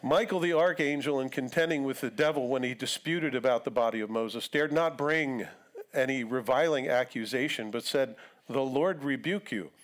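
Brief: male pastor, mid-pitched voice, casual sermon delivery with acted asides, live church service. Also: moderate pace. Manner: conversational preaching with acted-out quotes. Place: church sanctuary.

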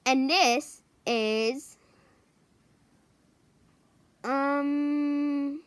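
A woman introducing a row of toys one by one, hesitant and pausing often to search for their names. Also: sits high, steady tone, dry recording. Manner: hesitant, many pauses and ums. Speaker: toy show presenter.

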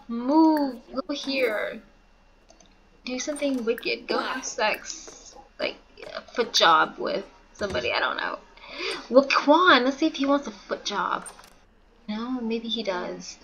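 A young woman talks over a life-sim game in a relaxed, giggly way, full of stammers and exclamations. Her voice is bright and lively, swooping up and down, sitting a bit high for a woman. She takes her time between thoughts. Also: rough recording. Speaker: gaming YouTuber. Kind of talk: casual gameplay commentary.

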